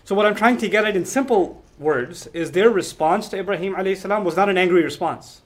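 A man with a notably high voice for a male speaker teaching a class on scripture. He explains emphatically and keeps checking in with his listeners through quick rhetorical questions. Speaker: religious teacher.

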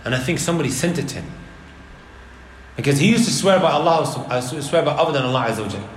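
A man's voice: fairly high pitch, fast talker. Man, religious lecture, rhetorical questions, echoey hall, faint room hum. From Leicester, England. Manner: animated, throws rhetorical questions at the audience. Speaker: Islamic preacher. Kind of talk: religious lecture to a live audience. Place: indoor hall with an audience.

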